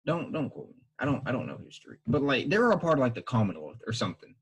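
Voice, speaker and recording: A man's voice: mid-range voice, very animated, fast talker, breathy edge, rough recording. A young man co-hosting a podcast in casual chat, rambling and hedging as he goes. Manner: rambling, hedging, self-correcting. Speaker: podcast co-host.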